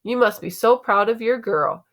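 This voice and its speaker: A woman voicing an enthusiastic male drama teacher who cheers loudly and theatrically. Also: on the high side, normal speed. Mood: exuberant.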